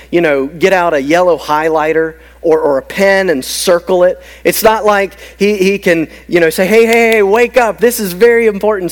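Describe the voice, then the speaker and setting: A male pastor preaches with a fairly high, very lively voice. He presses his points emphatically, then drops to quiet, hushed tones. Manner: emphatic, swinging from loud to hushed. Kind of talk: sermon.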